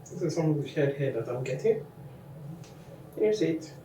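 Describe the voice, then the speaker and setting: A woman's voice: low voice, lively intonation, moderate pace, warm tone. A woman walking viewers through her hair care routine in a casual, chatty how-to vlog. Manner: chatty, talks the viewer through each step. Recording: echoey room, mic at a distance, faint noise.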